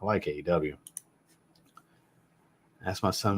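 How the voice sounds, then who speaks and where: A man with a fairly low voice chats casually on a home livestream. He answers viewers in a blunt, joking way and swears freely. He sounds like a man in his thirties. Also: slow pace, fairly bright tone, slight background noise. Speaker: fragrance reviewer hosting a live chat. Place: home room with a fragrance shelf.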